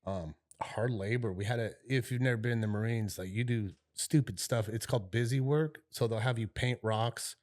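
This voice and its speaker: A man's voice: mid-range voice, normal speed, hardly any pauses, a little mellow. A middle-aged man co-hosting a podcast, telling a long story in a casual, rambling way, swearing freely and dropping fillers like "right?" and "you know". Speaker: podcast co-host.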